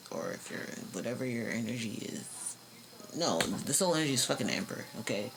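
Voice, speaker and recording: A woman's voice: very deep voice, noisy background. A young woman giving a casual tarot reading, slangy and profane, laughing often. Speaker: tarot reader.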